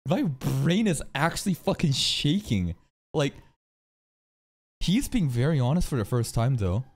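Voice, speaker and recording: A man casually reacting to an anime episode, excitable, restarting his sentences, swearing and laughing often. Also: medium pitch, a little slow.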